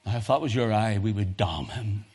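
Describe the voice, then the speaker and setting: A man preaching a sermon, rising to loud impassioned peaks and dropping to low, hushed intensity. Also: moderate pace, breathy edge.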